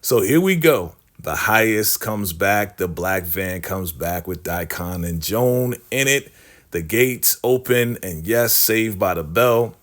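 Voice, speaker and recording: A man's voice: lowish voice, expressive, slow, a bit bright. A man giving a casual TV episode recap, chatty, laughing often and addressing his viewers. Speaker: TV recap vlogger.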